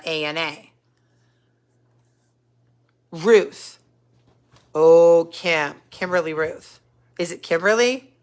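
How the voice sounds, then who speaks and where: A woman's voice: mid-range voice, lively intonation, slow, long pauses, a bit bright. A middle-aged woman hosting a casual live stream, greeting viewers by name and chatting about their comments while she thinks aloud. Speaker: podcast host reading live chat comments.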